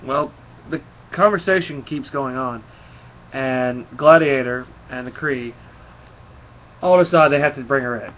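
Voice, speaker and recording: A man rambles through a comic book recap, pausing often and restarting his sentences. His voice sits at a middle pitch. The recording is dull and lo-fi, with a faint hiss behind it. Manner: rambling, full of fillers and restarts.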